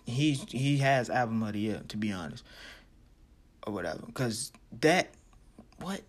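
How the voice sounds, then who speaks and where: A man's voice: mid-range voice, moderate pace, long pauses. A man hosting a music show, chatting loosely with many fillers and repeats. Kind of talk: casual chat.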